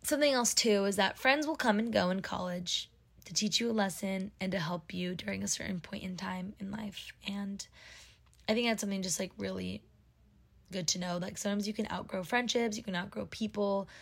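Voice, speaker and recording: A woman's voice: mid-range voice, a little fast, gravelly. A woman in her twenties hosting her own podcast, talking casually and emotionally, with lots of fillers. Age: 20s. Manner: heartfelt and emotional, filler-heavy. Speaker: podcast host. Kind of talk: casual personal monologue.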